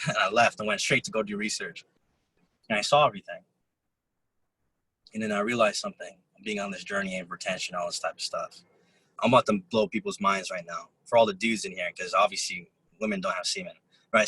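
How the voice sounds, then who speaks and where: A man giving a motivational talk to a group, telling stories and acting out quotes of other people in an animated way. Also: lowish voice, breathy edge, no echo, low-quality recording. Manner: animated storytelling, acts out quotes. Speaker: motivational speaker. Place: event room.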